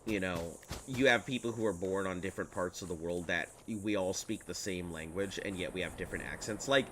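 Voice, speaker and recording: A man's voice: deep voice, fairly quick, fairly bright tone, slight background noise. A man streaming a video game, chatting in a rambling, jokey way while sick and a bit congested. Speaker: gaming streamer. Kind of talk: casual gameplay commentary.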